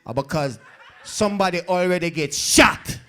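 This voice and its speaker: A man's voice: sits high, moderate pace, bright, forceful tone. A man with a New York accent doing a stand-up comedy set on a live club stage, bantering loosely with the crowd in street talk. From South Bronx, New York.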